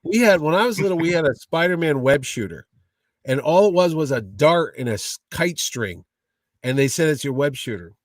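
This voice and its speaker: Animated joking man, distant mic. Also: fairly high pitch, normal speed, dry recording. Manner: animated, jokey storyteller. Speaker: guest, comic con owner. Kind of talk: casual storytelling interview.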